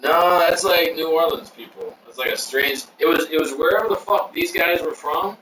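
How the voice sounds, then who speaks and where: A man's voice: fairly high pitch, moderate pace, bright, forceful tone. A man co-hosting a livestream, rambling profanely through a story and acting out the quotes in a casual rant. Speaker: livestream co-host. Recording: echoey room, distant mic, faint noise.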